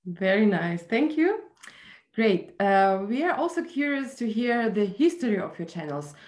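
A woman moderating an online panel, asking the guests questions in a measured way. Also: mid-range voice, sing-song, darkish tone. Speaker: interview host. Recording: roomy echo.

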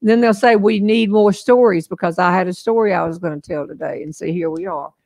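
A woman's voice: on the low side, quick pace, creaky, a little mellow. An older woman with a Southern US accent hosting a casual live-stream chat, folksy and chatty, laughing often. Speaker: host.

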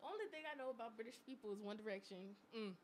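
An American woman co-hosting a live talk show, joking loudly and laughing often. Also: fairly high pitch, animated, rapid-fire, a little hiss or hum. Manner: loud, laughing, joking, with playful bursts. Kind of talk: casual chat.

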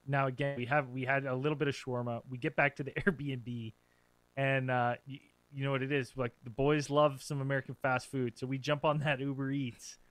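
Bright animated man telling a story. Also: medium pitch, brisk, dry recording. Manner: animated, profane, acts out quotes. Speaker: podcast co-host. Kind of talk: casual storytelling among friends.

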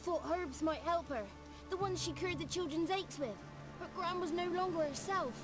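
A woman's voice: extremely high pitch, normal speed. A woman voicing a scrappy, nervous young boy godling in a video game, talking in a rustic folksy dialect. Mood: telling. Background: game music.

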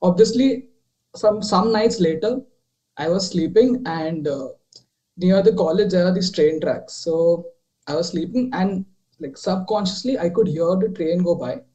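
A young man's high-pitched, somewhat slow voice comes through a rough recording as he shares a ghost story on a video call. He rambles, restarts and fills pauses constantly, his volume sinking while he retells events.

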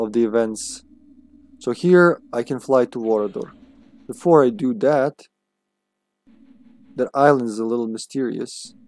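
A man's voice: medium pitch, a little mellow, dry recording. Chatty man swearing through gameplay. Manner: chatty, swears freely, yelps at hits. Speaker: streamer. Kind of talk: casual gameplay commentary.

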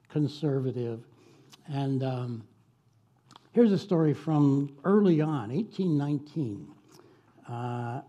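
A man's voice: medium pitch, warm tone, slightly rough, dull audio. A man, a guest minister, telling a story in a sermon with folksy, chatty asides to the congregation.

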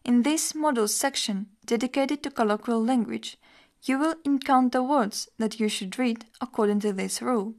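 A woman teacher reading a scripted lesson in an even, measured explanatory tone. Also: on the high side. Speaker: language teacher.

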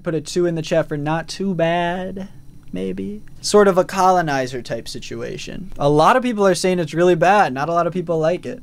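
A man casually commentating a live stream, reading out chat votes and poll results with frequent fillers. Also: sits high.

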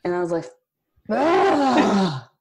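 A woman in her thirties, a company founder and podcast guest, telling a candid personal story with bursts of laughter and animated asides. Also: fairly low pitch, normal speed, creaky. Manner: emotional, laughs often, quotes God in animated asides.

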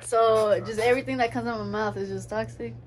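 A woman's voice: fairly high pitch, steady tone, quick pace, a little hiss or hum. A young woman vlogging late at night in a recording studio, telling her day's story in a loose, profane, ranting way. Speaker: vlogger and singer. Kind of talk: casual chat to camera.

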